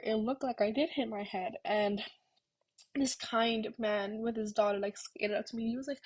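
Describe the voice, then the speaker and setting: Husky young woman rambling casually. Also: fairly high pitch, darkish tone, low-quality recording. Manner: rambling, self-deprecating, swears casually. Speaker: vlogger. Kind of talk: casual storytelling.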